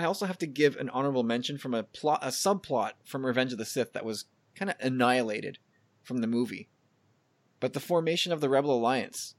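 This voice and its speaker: Animated male podcast host, middle pitch. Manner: animated, quick-talking with many restarts. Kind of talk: casual chat.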